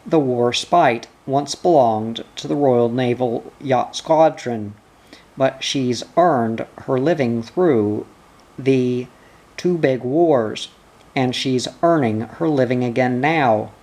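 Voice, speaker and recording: Man reading as a slow, patient old sailing instructor. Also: medium pitch, a little mellow. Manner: explaining, unhurried.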